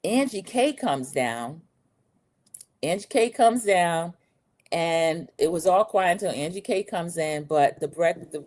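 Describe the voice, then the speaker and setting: A woman's voice: on the low side, darkish tone. A middle-aged woman hosting a casual, opinionated reality TV recap, chatty and eager to share her own views. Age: Gen X, 40s to 50s. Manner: chatty and opinionated, acts out quotes in a raised voice.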